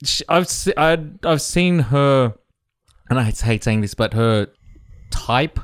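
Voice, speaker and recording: A man, co-hosting a relaxed chat podcast, telling stories with lots of laughter. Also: mid-range voice, slow pace, clear, resonant tone, dry recording, studio quality. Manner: animated storyteller, laughs often, self-mocking. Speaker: podcast co-host. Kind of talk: casual chat.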